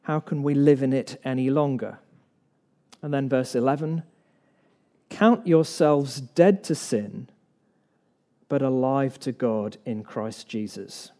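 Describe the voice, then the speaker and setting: A man's voice: mid-range voice, takes it slowly, long pauses, warm tone. A man preaching an evening sermon in church, earnest and emphatic, posing rhetorical questions to the congregation.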